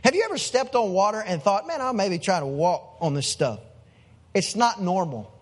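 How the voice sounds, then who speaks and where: High-voiced pastor acting out stories. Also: male voice, normal speed, slightly rough. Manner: animated storytelling, acting out characters' lines. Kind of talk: sermon.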